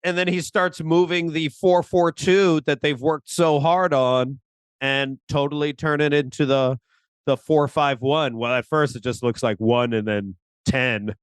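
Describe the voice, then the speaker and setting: A man's voice: a little high, a little slow, smooth, no room sound, studio quality. A man co-hosting a podcast in casual chat, acting out lines from the show as he talks. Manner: animated, acts out quotes from the show. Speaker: podcast co-host.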